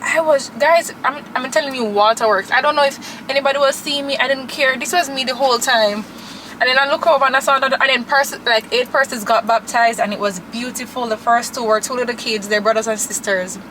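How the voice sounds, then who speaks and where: A young woman vlogging from her car, chatty and animated, gushing to her viewers. Her voice sits a little high. A steady air-conditioner hum and road noise run clearly underneath. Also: brisk, low-quality recording. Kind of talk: casual chat to camera.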